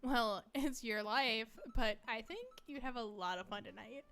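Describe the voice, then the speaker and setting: A woman's voice: fairly high pitch, unhurried, a bit bright, faint music behind. A woman voicing a cheeky teenage daughter who playfully teases her dad in a dating game. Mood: teasing. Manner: playful, teasing.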